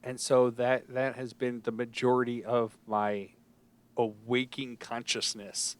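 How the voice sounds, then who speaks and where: A man hosting a podcast in casual chat, with a nasal voice and a halting way of talking. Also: medium pitch, flat delivery, clean tone. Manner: halting, with many restarts and fillers. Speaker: podcast host.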